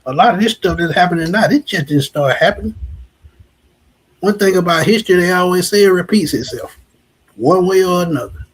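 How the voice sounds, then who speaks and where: A man's voice: high-pitched, lively intonation, fairly quick, breathy edge, rough recording. A man, co-hosting a casual sports talk show and musing back on what he has seen. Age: 40s. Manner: reflective, repeats "like I said".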